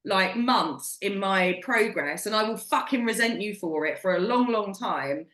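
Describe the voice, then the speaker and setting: A woman's voice: mid-range voice, animated, unhurried, a bit bright, echoey room. A British woman in her forties co-hosting a podcast, talking in a blunt, emphatic way and swearing freely. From Britain. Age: 40s. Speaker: podcast co-host. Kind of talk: casual chat.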